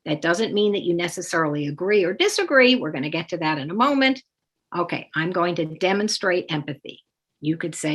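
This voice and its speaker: A woman of average pitch gives an instructional talk to parents. She explains each step in a calm, clear way. She gives sample phrases extra lift and emphasis. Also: fairly quick. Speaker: parenting educator.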